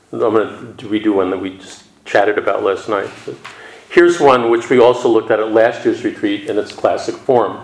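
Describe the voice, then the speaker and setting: A man giving a Zen dharma talk, calm and reflective with a gently wry humor. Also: fairly low pitch. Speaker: Zen teacher. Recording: echoey room.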